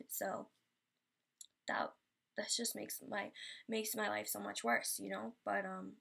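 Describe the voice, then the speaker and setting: A woman's voice: mid-range voice, fairly even intonation, a little slow, gravelly, pauses often, a bit bright, slightly rough. A young woman telling personal stories in a Q&A vlog, rambling and emotional with many fillers. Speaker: vlogger.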